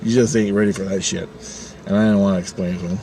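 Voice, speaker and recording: This man's voice sits low and moves fast over slight background noise. His storytelling is loose and foul-mouthed, punctuated by laughter as he animatedly acts out other people's quotes.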